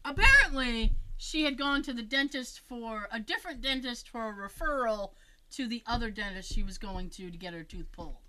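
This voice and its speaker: A woman telling a story in a casual chat, animated and acting out the voices of the people in it, with frequent fillers and restarts. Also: on the high side, moderate pace, noisy background. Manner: animated, acts out quoted voices.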